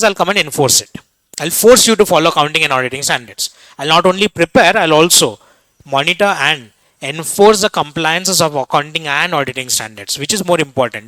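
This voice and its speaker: A man's voice: sits high, sharp tone, dry recording, low-quality recording. A young man with an Indian English accent, teaching an exam revision lecture and quizzing students with questions.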